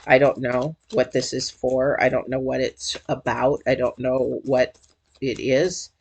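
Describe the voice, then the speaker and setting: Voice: medium pitch, little pitch movement, measured pace, vocal fry, a little mellow, husky. Chatty emotional tarot reader. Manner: chatty and emotional, addresses viewers directly. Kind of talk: casual intuitive tarot reading to camera.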